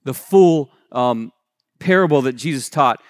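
A man's voice: mid-range voice, lively intonation, a little slow. A male pastor giving a sermon in a conversational way, often restarting phrases and correcting himself, and retelling scripture in casual everyday wording. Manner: conversational preaching with frequent restarts and self-corrections.

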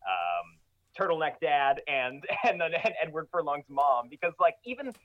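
A man's voice: a little high, big pitch swings, moderate pace. Enthusiastic man on a dull lo-fi mic. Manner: enthusiastic, stammering restarts, profane. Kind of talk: casual podcast chat.

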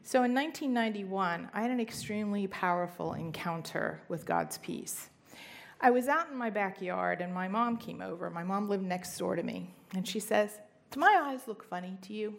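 A woman's voice: mid-range voice, moderate pace, creaky. A middle-aged woman telling a personal faith story in an earnest storytelling manner, with emphatic rises. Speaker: speaker sharing testimony. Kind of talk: personal testimony talk.

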